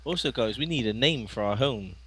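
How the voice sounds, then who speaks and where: A man co-playing a let's play, talking casually with frequent laughs and lots of halting fillers. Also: mid-range voice, animated, fairly bright tone, slight background noise. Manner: chatty, laughs often, halting with many fillers. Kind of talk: casual gameplay chat.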